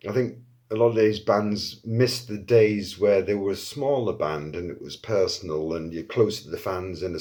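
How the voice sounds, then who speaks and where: Animated, lower-voiced man. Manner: animated, swears often, acts out quotes. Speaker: storyteller. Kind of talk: casual anecdote.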